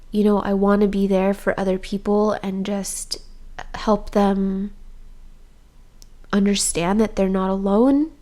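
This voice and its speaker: A young woman talking candidly to her viewers in a personal vlog, soft and open-hearted, with frequent "um" and "like". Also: mid-range voice. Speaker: vlogger.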